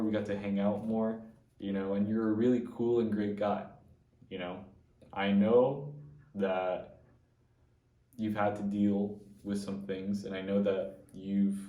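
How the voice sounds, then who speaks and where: A man's voice: fairly low pitch, distant mic. Earnest young man, echoey room. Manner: earnest and animated, acts out quoted exchanges. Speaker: family friend and babysitter. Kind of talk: heartfelt personal tribute.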